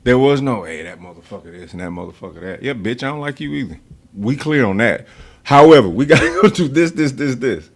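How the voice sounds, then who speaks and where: Gravelly, blunt-talking man in his fifties. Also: mid-range voice, expressive, a little fast. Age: 50s. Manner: blunt, profane storytelling. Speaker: podcast host. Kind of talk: casual podcast chat.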